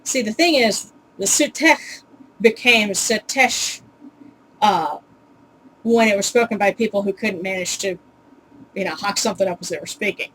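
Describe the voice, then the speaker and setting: In a home video, a woman casually teaches pronunciation, chatty and full of ums and uhs, with wry, exasperated asides. Her medium-pitched voice is brisk and fairly bright, on a rough recording with a little hiss or hum.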